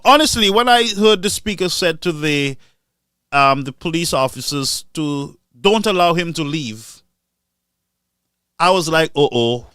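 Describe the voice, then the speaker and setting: Man, fiery live-stream pundit, higher-pitched, dry close sound. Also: clean tone, dry recording. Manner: animated, mocking, swings between loud outbursts and low asides. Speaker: live-stream political commentator. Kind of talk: impassioned political commentary.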